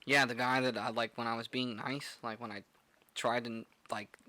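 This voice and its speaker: A man's voice: medium pitch, level tone, normal speed, sharp tone, no echo. A young man, a bartender and podcast co-host, telling stories in a rambling, profane way full of "like" fillers. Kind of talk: casual storytelling chat.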